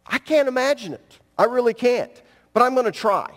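A man's voice: extremely high pitch, expressive, normal speed, a bit bright. A middle-aged man preaching as a pastor, talking directly and emphatically to his congregation. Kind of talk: sermon. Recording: long reverb in a church hall.

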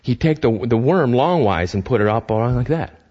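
A man preaching a sermon as pastor, animated, acting out voices and often restarting his sentences. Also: medium pitch, moderate pace, muffled recording.

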